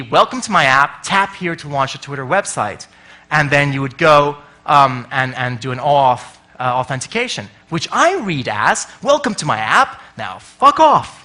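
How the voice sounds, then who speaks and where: Lively male speaker, high and bright, jokey, swears freely. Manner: animated, swears freely, acts out voices. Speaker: conference speaker. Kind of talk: comic conference talk.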